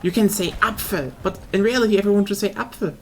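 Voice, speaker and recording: A woman's voice: mid-range voice, steady tone, rapid-fire, darkish tone, a little hiss or hum. A young woman with a German accent, chatting casually and rambling on a live stream, swearing now and then.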